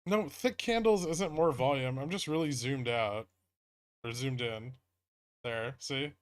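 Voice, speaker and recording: A man's voice: mid-range voice, measured pace, clear, resonant tone, no room sound. A man hosting a livestream, casually commenting on trades as he reacts to the charts and swears now and then. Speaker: livestream host trading stocks.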